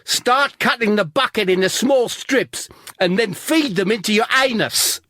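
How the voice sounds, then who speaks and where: A man putting on a high-pitched menacing bus driver. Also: unhurried, bright, forceful tone, dry recording, clean studio sound.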